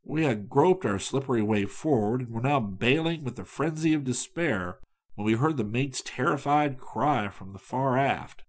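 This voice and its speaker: A man reading a travel story aloud in measured audiobook narration. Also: medium pitch, lively intonation.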